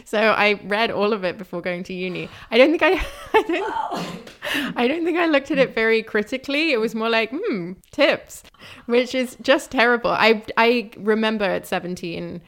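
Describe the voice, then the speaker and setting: A woman's voice: a little high, lively intonation, moderate pace, a bit bright. A woman interviewer who talks in a chatty, candid way and laughs at herself. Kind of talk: casual interview talk.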